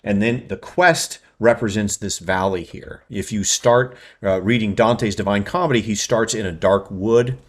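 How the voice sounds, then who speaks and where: Male writing-channel host, lowish voice, rapid lecturing delivery. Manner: fast, tags points with "right?". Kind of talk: explanatory lecture.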